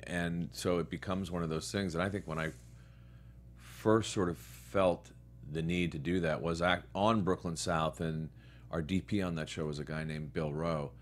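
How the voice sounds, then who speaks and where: Speaking low at a normal speed, a man with roots in New York and Connecticut spins anecdotes as a guest actor on a laid-back interview. When he relays what others said, he keeps his own voice, storytelling at ease.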